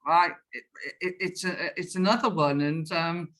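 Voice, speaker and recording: A woman's voice: fairly low pitch, normal speed. A woman, a sales professional, chatting in an interview and acting out old phone calls as she tells them. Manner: animated storyteller, acts out phone calls. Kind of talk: casual interview chat.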